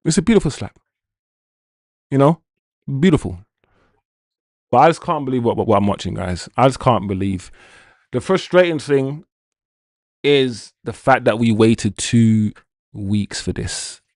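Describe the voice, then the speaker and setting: A man's voice: medium pitch, animated, a little slow, pauses often, darkish tone, dry recording, studio quality. A young man hosting a football watch-along stream, ranting, swearing and talking to his chat. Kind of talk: live-stream commentary and chat.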